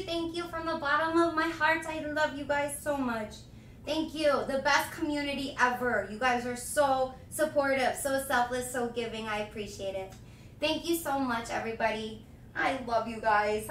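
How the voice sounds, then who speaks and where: A young woman streaming live, chatting with viewers and thanking them in a bubbly, gushing way with excited shouts. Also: high voice, moderate pace, far from the mic, a little hiss or hum. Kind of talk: live stream chat, reading donations. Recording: echoey room, voice a little off-mic.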